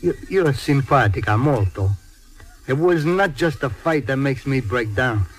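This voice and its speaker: A man's voice: medium pitch, animated, unhurried, husky, soft background music. An actor playing an emotional truck driver man who stammers and pleads. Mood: confiding. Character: tearful hot-tempered Italian-American truck driver man. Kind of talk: stage or film drama acting.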